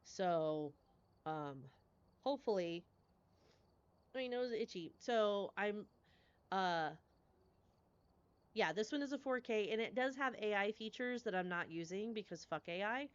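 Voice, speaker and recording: A woman's voice: mid-range voice, animated, unhurried, pauses often, clean tone. Chatty woman game streamer, effusive with her viewers, on a somewhat muffled recording. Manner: effusive, gushing thanks to chat; rambling, chatty. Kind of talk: live stream chat.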